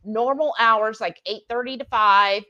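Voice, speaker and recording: A woman co-hosting a home cooking livestream, gushing warmly as she reads out viewer comments. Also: fairly high pitch, a little slow, muffled recording. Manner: bubbly, gushing over viewers. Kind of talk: casual chat, reading viewer comments. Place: home kitchen.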